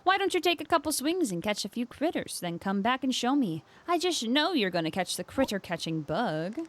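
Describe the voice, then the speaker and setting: A woman's voice: fairly high pitch, big pitch swings, fairly quick. A woman doing a folksy Minnesotan beekeeper. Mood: welcoming. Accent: put-on Minnesotan. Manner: friendly, folksy, slightly pinched voice. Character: cheerful island beekeeper woman, chatty and welcoming.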